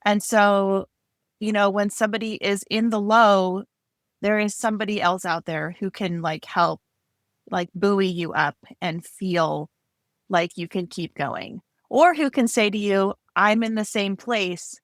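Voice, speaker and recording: A woman co-hosting a podcast about art, talking in a relaxed, reflective way with frequent fillers. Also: mid-range voice, a little slow, dry recording, clean studio sound. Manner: warm, reflective, lots of fillers and laughs. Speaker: podcast co-host. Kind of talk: casual chat.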